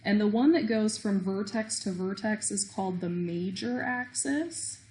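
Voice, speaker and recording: A woman's voice: mid-range voice, unhurried, warm tone, a little hiss or hum. A woman teaching a recorded math lesson, explaining step by step with small self-deprecating jokes.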